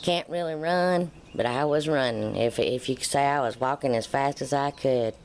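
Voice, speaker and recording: Woman telling an animated story. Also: rumbling low, moderate pace, a little hiss or hum. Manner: animated, acts out quoted dialogue. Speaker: vlogger. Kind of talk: casual personal storytelling.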